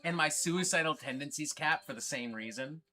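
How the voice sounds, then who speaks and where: Hosting a casual livestream from a record store, a man with a slightly high, sharp voice rambles along at a normal pace. He swears freely and jokes around as he goes.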